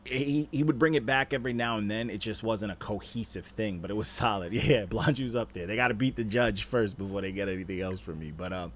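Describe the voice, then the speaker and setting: A man hosting a stream and critiquing rap submissions in a casual, animated way, full of slang and "you know what I'm saying". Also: lowish voice, brisk, hardly any pauses. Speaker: rap judge and stream host.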